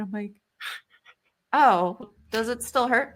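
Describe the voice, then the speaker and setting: A woman's voice: a little high, sing-song, unhurried, a bit bright. A woman in her thirties, a podcast co-host, telling a story in casual chat. She rambles with many fillers and swears freely.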